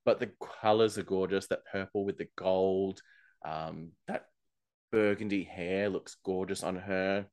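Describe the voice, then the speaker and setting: A man's voice: low voice, steady tone, unhurried, darkish tone. A man co-hosting a podcast, chatting casually and gossiping about a TV show, laughing often. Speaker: podcast co-host recapping a TV show. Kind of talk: casual chat.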